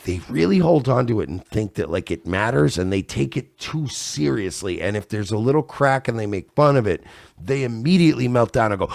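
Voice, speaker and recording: Animated gravelly-voiced man, casual chat. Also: mid-range voice, a little fast, no echo, clean studio sound. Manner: animated, acts out others in loud voices. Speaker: podcast guest.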